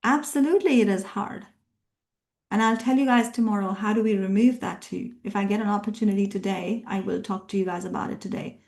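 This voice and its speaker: A woman's voice: mid-range voice, a little fast, gravelly, darkish tone. A middle-aged woman coach leading a live workshop, emphatic and repetitive, rallying her group with questions. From immigrant living in Australia. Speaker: NLP coach and workshop trainer.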